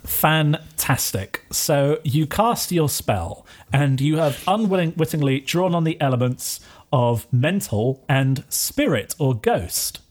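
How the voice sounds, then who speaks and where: A man's voice: a little high, expressive, slow pace. A man narrating a tabletop role-playing game as game master, improvising with frequent laughter.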